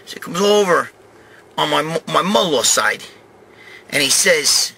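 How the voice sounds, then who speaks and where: A man in his fifties hosting a show, telling a rambling story, swearing constantly in an animated, streetwise way. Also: fairly high pitch, moderate pace, vocal fry, slight background noise. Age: 50s. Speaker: show host. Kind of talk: profane rambling anecdote.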